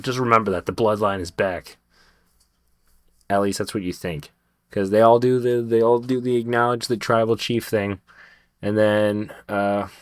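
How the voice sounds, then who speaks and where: A man's voice: on the low side, dry recording, clean studio sound. A man reviewing a wrestling show in a casual vlog, rambling, swearing freely and restarting his sentences often. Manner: rambling, profane, frequent restarts.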